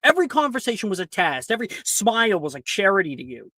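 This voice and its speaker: A bitter, wounded spouse throwing raw accusations in a loud fight as a man plays the part. The voice is strained and bright, recorded close and dry. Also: sits high, big pitch swings, fast, no room sound, voice pushed up, heavily acted. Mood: furious.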